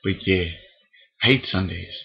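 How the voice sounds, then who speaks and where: A man's voice: sits low, measured pace, vocal fry, breathy edge, dull audio. A young man in a casual, rambling and profane webcam rant from a room at home. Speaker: vlogger. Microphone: webcam microphone.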